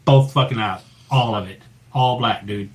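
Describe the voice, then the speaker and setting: A man telling a ghost story in a casual chat, swearing freely and dropping to a low hush for the tense moments. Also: normal speed, poor audio. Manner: profane, animated storyteller who drops to a low hush for the tense parts. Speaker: paranormal investigator guest.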